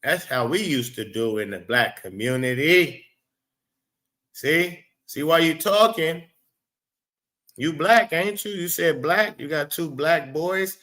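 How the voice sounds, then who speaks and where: A man's voice: on the high side, slow, sharp tone. A man hosting a live stream, rambling, profane and blunt as he talks back to his chat. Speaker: livestream host.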